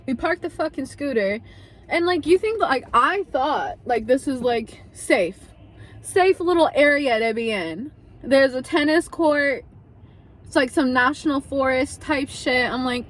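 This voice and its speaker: A young adult woman casually telling a story to camera, animated, swearing freely and acting out what people said. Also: high-pitched, unhurried. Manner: animated, swearing, acts out quotes.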